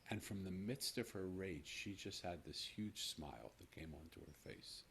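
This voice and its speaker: A man's voice: low-pitched, lively intonation, normal speed, gravelly, a bit bright, slight background noise. A man in his sixties, a podcast host telling a personal story to his guest in an earnest, reflective way. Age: 60s.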